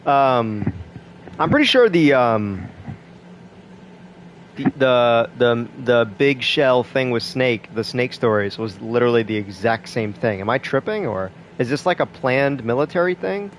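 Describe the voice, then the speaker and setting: A man's voice: mid-range voice, unhurried, a little hiss or hum. Rambling, cussing young gamer guy. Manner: rambling, profane, trailing fillers. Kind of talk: casual gameplay commentary.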